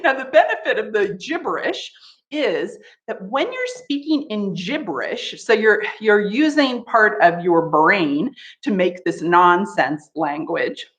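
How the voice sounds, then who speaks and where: Slow, playful woman laughter coach. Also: medium pitch, very animated, a bit bright. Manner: frequent laughing, playful chanting. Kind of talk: live laughter yoga session. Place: home art studio.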